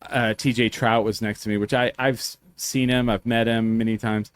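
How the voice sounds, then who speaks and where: A man hosts a casual chat show and spins loose, profane stories. He keeps slipping into quick impressions of the people he is describing. The sound is dry and close, with no room around it. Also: medium pitch, little pitch movement, clean tone, no echo. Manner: rambling, profane, acts out quotes in voices. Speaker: podcast host.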